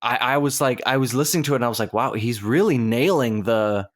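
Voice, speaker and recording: A man co-hosting a casual podcast, reading out scores in a measured, methodical way. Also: mid-range voice. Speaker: podcast co-host running a rating game. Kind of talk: casual chat.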